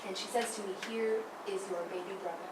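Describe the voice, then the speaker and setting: A woman's voice: mid-range voice, fast talker. A young woman telling a funny childhood story about her brother's birth, acting out the big moments. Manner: animated, acts out big moments. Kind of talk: personal storytelling. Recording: roomy, distant mic, background noise.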